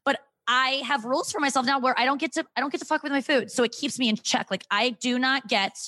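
A woman's voice: sits high, fast, pushed and bright. A woman in her thirties, a comedian guest on a podcast, talking candidly in a frank, profane and self-mocking way.

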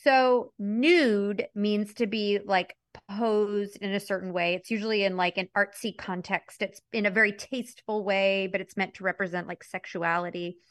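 A woman's voice: mid-range voice, steady tone, normal speed, hardly any pauses, no room sound, studio quality. A woman guesting on a podcast, chatty and casual, with many "like" fillers.

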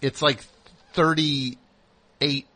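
A man hosting a comedy call-in radio show, deadpan and probing, sometimes exasperated. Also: on the high side, extremely slow. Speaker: radio host.

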